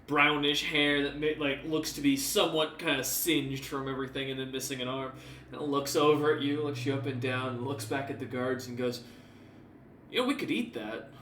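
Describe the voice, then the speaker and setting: A man's voice: medium pitch, flat delivery, a little fast, pushed and bright, roomy sound, far from the mic, a little hiss or hum. A man narrating a tabletop game as game master, rambling with many fillers.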